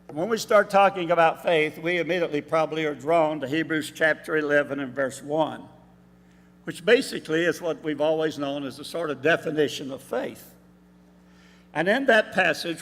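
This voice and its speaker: A man filling in as preacher, giving a measured, explanatory sermon with pauses in a church sanctuary. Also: a little high, fairly bright tone. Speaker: substitute preacher. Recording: reverberant church hall.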